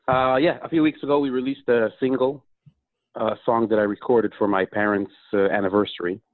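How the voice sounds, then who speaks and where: A singer from Minnesota talking about his music as an interview guest, speaking haltingly with many pauses. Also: mid-range voice, steady tone, dry recording. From Minnesota, USA. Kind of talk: casual phone interview. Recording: tinny phone line.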